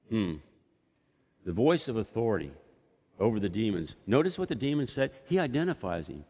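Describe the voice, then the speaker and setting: A man's voice: on the low side, animated, brisk, darkish tone, big-room sound. A man preaching a sermon as pastor, telling a story and acting out voices from the scripture. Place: church sanctuary.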